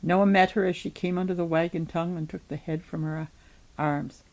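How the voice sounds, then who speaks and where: A woman reading a novel chapter aloud in an even, measured storytelling manner. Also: fairly low pitch, poor audio.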